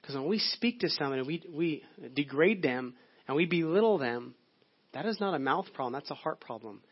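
A man's voice: on the high side, lively intonation, normal speed, slightly rough. A male pastor giving a sermon in a conversational, storytelling way. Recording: dull lo-fi audio.

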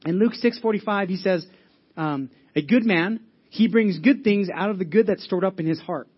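High-voiced male pastor, lo-fi recording. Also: normal speed, breathy edge. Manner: earnest, repeats and restarts phrases, asks the audience questions. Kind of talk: conversational sermon.

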